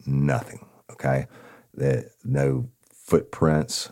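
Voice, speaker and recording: A man with an extremely low, gravelly, warm voice recounts an old police case to his audience, speaking extremely slowly but very animatedly. He's blunt and profane, calls his listeners "y'all," and acts out both sides of each conversation in this casual storytelling.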